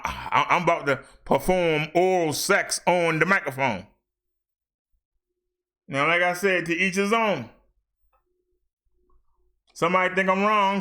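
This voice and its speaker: A middle-aged man hosting a wrestling review show, ranting in a blunt, animated, trash-talking way. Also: sits high.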